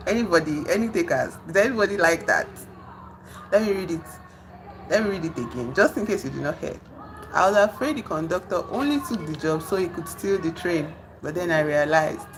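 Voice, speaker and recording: Low-voiced woman streamer, noisy background. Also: normal speed, long pauses. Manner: chatty, trails off with fillers, teases an unresponsive chat. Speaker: live streamer. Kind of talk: casual livestream chat. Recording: steady background noise.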